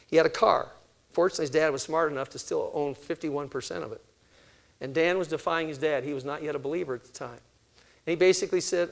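An older man preaches on raising children in a lively storytelling way, slipping into other voices to act out each exchange. His voice sits a little higher than most men's. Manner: storytelling, acting out quoted exchanges with shifting voice. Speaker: speaker on family ministry. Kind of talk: sermon-style teaching talk.

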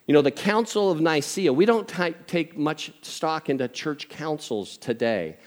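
A man's voice: on the high side, a little slow. An older man preaching a sermon as pastor, conversational, with jokey asides. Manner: conversational, jokey asides, animated impressions of family.

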